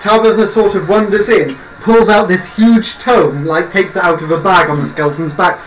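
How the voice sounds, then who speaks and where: A man's voice: high voice, moderate pace. A man playing a tabletop role-play game, switching between casual chat and a prim, overly formal character voice. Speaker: player. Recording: echoey room with background noise.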